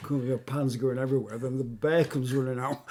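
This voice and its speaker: A man's voice: medium pitch, a little mellow, slight background noise. An older man, a retired military mountain rescuer, telling rambling anecdotes in a casual interview, with restarts and bursts of laughter. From England.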